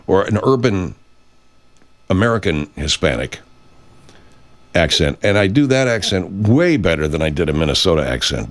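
A man hosting a radio show, talking in a meandering, self-interrupting way and swearing freely. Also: lowish voice. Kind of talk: rambling casual monologue.

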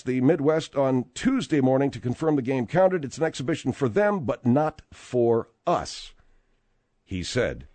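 A man hosting a sports talk radio show, bantering with his co-hosts and reading out the news in an animated, rambling way. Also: on the high side, no echo. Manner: animated, rambling, with frequent restarts.

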